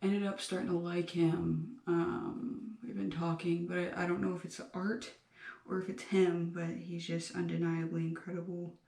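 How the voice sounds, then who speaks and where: A young woman rambling through a personal vlog, halting often with fillers and restarts. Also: fairly low pitch, flat delivery, creaky, darkish tone. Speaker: vlogger. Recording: echoey room, mic at a distance.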